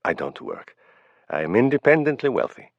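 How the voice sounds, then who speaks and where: A man's voice: mid-range voice, very animated, moderate pace, gravelly, no room sound. A man voicing an elegant, wealthy young woman with a slight foreign accent and a poised, charming manner, in a dull, dry recording.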